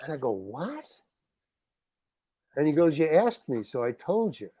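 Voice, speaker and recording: Male podcast guest, slightly high voice, animated storyteller who acts out the quotes, dry close mic. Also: unhurried, husky, no room sound. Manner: animated, acts out other people's lines in quotes, frequent restarts. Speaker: interview guest, actor. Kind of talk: anecdotal storytelling in a podcast chat.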